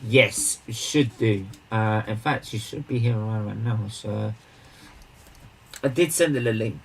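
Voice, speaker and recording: A man hosting a casual charity livestream, rambling and repeating himself, with bursts of excited emphasis. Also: fairly low pitch, a little slow, vocal fry, pauses often, slight background noise, rough recording.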